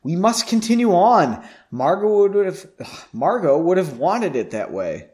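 A man voicing a pompous, cold-hearted male mage who speaks slowly and with self-importance. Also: high-pitched, sing-song, darkish tone, voice pushed up. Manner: slow, measured, self-important.

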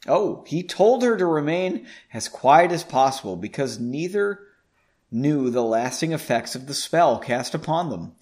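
A man's voice: medium pitch, big pitch swings, unhurried, darkish tone. A man reading his own story aloud, breaking off for chatty, self-commenting asides.

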